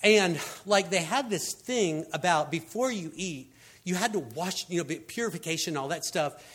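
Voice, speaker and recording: A man's voice: high-pitched, moderate pace, breathy edge. A man preaching a conversational sermon, telling stories and filling gaps with "I mean" and "you know.". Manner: animated storyteller, frequent fillers like "I mean" and "you know". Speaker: pastor.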